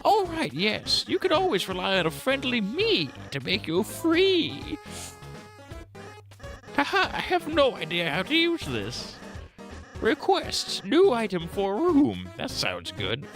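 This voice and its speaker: A man's voice: high-pitched, wildly swooping pitch, takes it slowly, a bit bright, soft background music, voice pushed up, heavily acted. A man voicing a goofy, boastful young male spade prince with a silly sing-song delivery. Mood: goofy cheerful.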